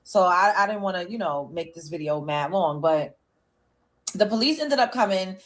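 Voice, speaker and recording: A woman's voice: on the low side, expressive, moderate pace. Chatty woman host breaking down a clip, talks like she's telling friends. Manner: chatty, retells with quoted voices. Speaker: commentary host. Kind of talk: casual commentary on a clip.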